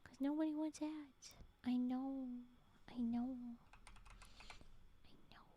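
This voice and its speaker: A woman chatting on her live stream between stories, rambling and giggly, often slipping into soft whispers. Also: high voice, fairly even intonation, measured pace, husky, highs cut off. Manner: giggly, gushing. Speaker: streamer and story reader. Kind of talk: casual live-stream chat.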